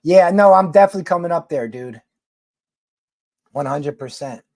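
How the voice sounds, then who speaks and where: A man's voice: a little high, moderate pace, creaky, darkish tone, dry recording. A man from New York City with a Philadelphia accent, chatting casually with viewers on a livestream in a blunt, rambling, profane way.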